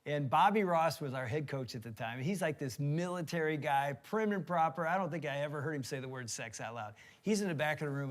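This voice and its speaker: A middle-aged man preaching from a church stage, spinning a playful story with lots of energy. His voice sits a little high for a man. He talks the way someone does when he is entertaining a room. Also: fairly quick, few pauses. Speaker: pastor. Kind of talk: sermon storytelling.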